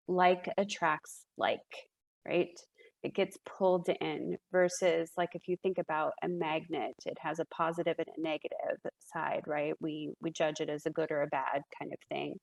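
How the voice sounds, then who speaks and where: A woman's voice: on the low side, creaky, low-quality recording. A woman speaking as a guest in a casual podcast conversation, reflective, with frequent fillers and restarts.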